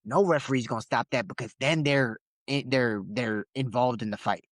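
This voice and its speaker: A man's voice: medium pitch, moderate pace, no echo, clean studio sound. A young man co-hosting a casual podcast, talking loosely with slang and frequent laughs. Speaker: podcast co-host. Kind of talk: casual chat.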